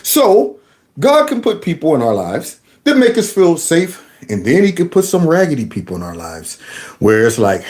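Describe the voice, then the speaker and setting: A man telling a comic story in an animated way, speaking straight to his audience. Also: a little high, moderate pace. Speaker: comedic storyteller. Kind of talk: comedic storytelling.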